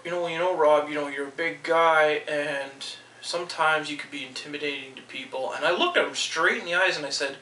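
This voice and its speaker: A man's voice: on the high side, a little fast, bright, forceful tone, echoey room, far from the mic, rough recording. A man venting in a heated, swearing rant about being let go from his job. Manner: heated, swearing, quotes people in raised voices. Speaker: vlogger. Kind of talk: angry personal rant.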